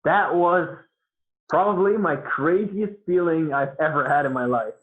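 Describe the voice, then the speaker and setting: A man's voice: fairly high pitch, measured pace. A man talking casually as a podcast guest, rambling with lots of fillers and restarts. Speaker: guest beatboxer. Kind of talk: casual interview talk. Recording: tinny phone-like line.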